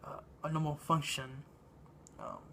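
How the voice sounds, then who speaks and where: A man giving a casual spoken movie review, halting and meandering, with lots of ums and uhs. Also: on the high side, wildly swooping pitch, gravelly, a bit bright, a little hiss or hum. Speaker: film reviewer.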